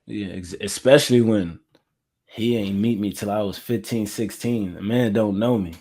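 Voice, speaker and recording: Candid and reflective, a guest interviewee who makes music and hails from Florida shares his personal story at a measured pace. His voice sits on the low side with a dark tone.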